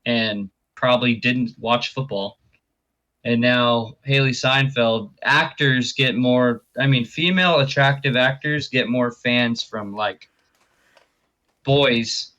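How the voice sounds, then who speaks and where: A man co-hosting a casual sports chat, relaxed and chatty. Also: mid-range voice, slow pace, rough recording. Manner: relaxed, chatty, says "you know". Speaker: podcast co-host.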